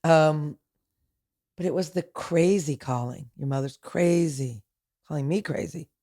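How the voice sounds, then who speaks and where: A woman's voice: deep voice, a little slow, warm tone. Rambling, chatty woman guest. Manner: rambling, restarts, many fillers. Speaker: podcast guest. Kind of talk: casual conversation.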